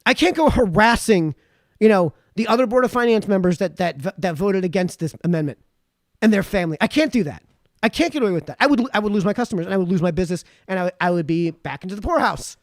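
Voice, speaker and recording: A talkative man with a fairly high voice hosts a live stream, reading viewer comments aloud and rambling on between them. His throat sounds sore after hours of talking, and the sound is close and dry with no room echo. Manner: chatty, rambling, animated. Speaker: livestream host.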